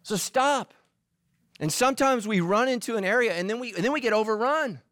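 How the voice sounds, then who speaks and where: Animated male pastor, lively delivery. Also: extremely high pitch, a little fast, no room sound, studio quality. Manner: animated, acts out voices and quotes. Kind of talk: humorous sermon.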